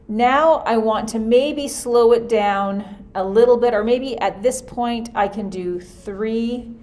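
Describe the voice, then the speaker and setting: A woman's voice: fairly high pitch, slow pace, few pauses, darkish tone. Woman music teacher, casual think-aloud lesson, computer mic. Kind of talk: screen-recorded lesson. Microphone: computer mic for a screen recording.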